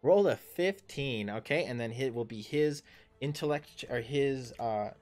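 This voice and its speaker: A man in his thirties running a tabletop game as dungeon master, talking in a halting way with many fillers and restarts. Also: medium pitch, a little mellow, faint music behind. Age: 30s. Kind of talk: narrating a tabletop game livestream.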